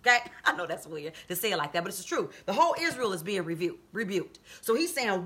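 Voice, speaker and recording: A woman preaching a sermon, reading scripture and explaining it, then rising to high, emphatic calls to her listeners. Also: big pitch swings, fast, sharp tone. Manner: reads scripture and explains it conversationally. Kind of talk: sermon on a live video stream.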